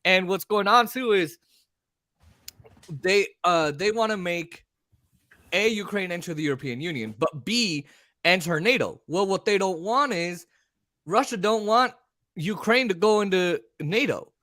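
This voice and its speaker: A man hosting a casual talk show, rambling and animated as he argues his point. His voice sits a bit high for a man. The sound is dry and close, with no room around it. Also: a little slow, dry recording. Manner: animated, rambling, mimics voices mid-rant. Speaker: podcast host.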